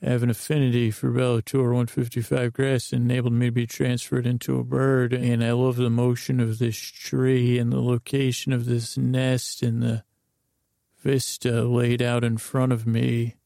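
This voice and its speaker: A man voicing a smug male bird who used to be a grass salesman, in a mild drawling monotone. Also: mid-range voice, moderate pace, vocal fry, no echo, studio quality, close to an everyday voice. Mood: smug calm.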